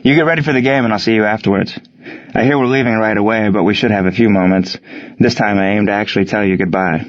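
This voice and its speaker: A man's voice: on the low side, fast talker, lo-fi sound, lightly acted. A man voicing Gene, an earnest young soldier and baseball catcher who raises his voice when riled. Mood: warm. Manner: shouts when riled, animated.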